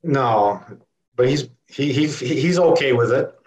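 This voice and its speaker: A man who is a guest on a podcast, recounting events earnestly and in steady detail. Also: medium pitch, slow pace. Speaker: podcast guest, real estate investor. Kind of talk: conversational podcast interview. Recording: roomy echo.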